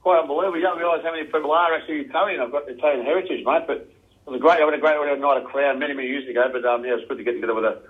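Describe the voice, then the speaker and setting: Here is a laid-back Australian man in his fifties, chatting on the radio about his playing days. He talks at a brisk clip and drops "mate" into nearly every sentence. His voice comes through a tinny, narrow phone line. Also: a little high, fairly even intonation. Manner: laid-back, says "mate" constantly, chuckles often. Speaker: guest, former footballer. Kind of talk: casual radio interview.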